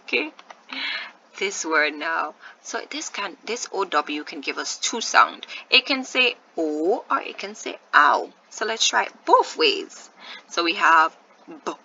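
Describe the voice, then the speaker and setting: A woman teacher leads a recorded phonics lesson, sounding out each letter slowly and asking her pupils questions. Her voice is bright and crisp, with a gravelly edge. The recording is dull and lo-fi, with a faint hiss behind her. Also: lowish voice, sing-song.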